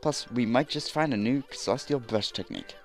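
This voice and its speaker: A man's voice: mid-range voice, brisk, faint music behind. Let's play host, male, rambling casual commentary, self-deprecating.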